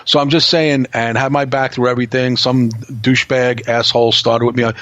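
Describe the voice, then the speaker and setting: A man's voice: medium pitch, level tone, moderate pace, fairly bright tone, no room sound. Blunt male podcast guest, plain dry dull-sounding audio, swears freely. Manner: blunt, swearing, tells stories. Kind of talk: casual podcast chat.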